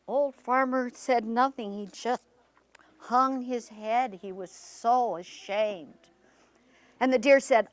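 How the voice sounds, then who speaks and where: A woman storyteller telling a folktale with expressive, dramatic pauses. She keeps a slow, unhurried pace. Her voice sits fairly high.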